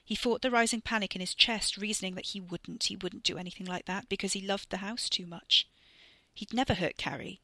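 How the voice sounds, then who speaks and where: A woman narrating a scripted story with expressive reading. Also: mid-range voice, a little fast, no room sound. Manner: expressive reading with voiced characters. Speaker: narrator and author.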